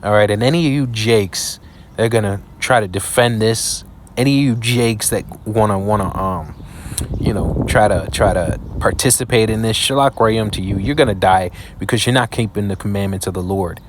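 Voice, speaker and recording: A man preaching scripture commentary while reacting to a video, profane and scornful, reading verses slowly. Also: fairly low pitch, a little hiss or hum. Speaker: online preacher.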